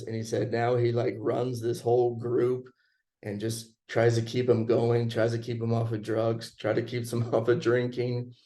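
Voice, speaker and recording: A man's voice: mid-range voice, warm tone. A young man telling a personal story in a casual chat, laid-back and chuckling as he goes.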